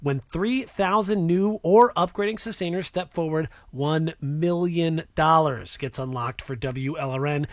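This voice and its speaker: A male radio host making an earnest, steady pledge drive appeal. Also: a little high, unhurried, few pauses, no echo, studio quality. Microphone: studio mic.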